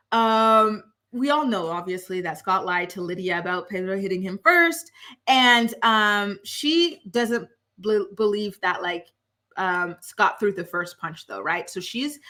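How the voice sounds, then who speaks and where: A woman's voice: mid-range voice, sharp tone. A woman recapping a reality show in casual commentary, blunt and scornful, rambling on with lots of fillers.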